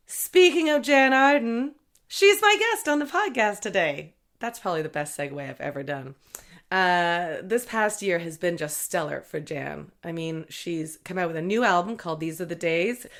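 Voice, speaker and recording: A woman opens her own podcast in a bubbly, chatty monologue. She jokes freely and pokes fun at herself. Her voice sits a little low for a woman. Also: a bit bright. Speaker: podcast host. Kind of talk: solo podcast intro monologue.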